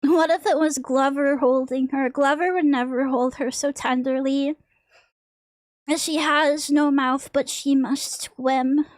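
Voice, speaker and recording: A woman's voice: sits high, fairly even intonation, slow pace, no echo. A young woman streamer chatting casually while she draws, rambling and joking crudely. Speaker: vtuber streamer.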